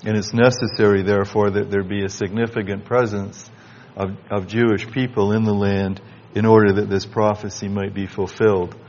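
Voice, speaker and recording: A man preaching a Bible exposition sermon, reading scripture aloud in measured King James wording. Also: fairly low pitch, level tone, a little mellow, dull audio, slight background noise.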